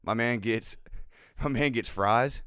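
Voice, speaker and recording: A man co-hosting a live podcast, telling stories in an animated way, swearing and laughing often. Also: mid-range voice, slow pace, clear, resonant tone, no room sound, clean studio sound. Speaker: podcast co-host. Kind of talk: casual live podcast chat. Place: live show recording.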